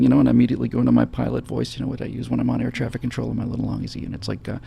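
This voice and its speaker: A man hosting a casual chat, telling a travel story in an animated way that acts out the scenes. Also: mid-range voice, racing, vocal fry, hardly any pauses, slightly rough. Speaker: host.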